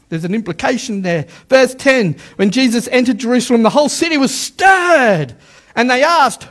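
A man preaching a sermon to a live congregation, animated, repeating words for emphasis and calling on the listeners to say lines back. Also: extremely high pitch, moderate pace. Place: church service with a live congregation.

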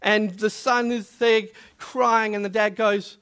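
High-voiced, bright male preacher. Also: flat delivery, takes it slowly, few pauses, clean tone. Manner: emphatic, repeats key words. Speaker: pastor. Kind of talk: sermon with opening prayer.

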